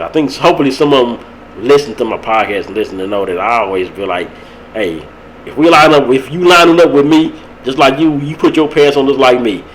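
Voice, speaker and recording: A young man, hosting a podcast and rambling about a local high school football game. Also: a little hiss or hum, rough recording. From Texas. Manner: rambling, animated, laughs at his own stories. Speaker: podcast host. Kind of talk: casual sports talk.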